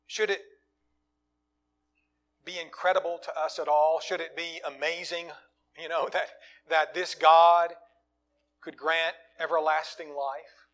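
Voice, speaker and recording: A man preaching a sermon, swinging from loud, emphatic lines to quiet, low asides. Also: level tone, measured pace, pauses often.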